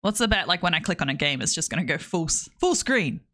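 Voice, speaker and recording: A woman's voice: fairly low pitch, very animated, quick pace, a bit bright. Chatty Australian woman streamer. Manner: chatty, rambling, laughs often. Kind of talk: casual livestream chat.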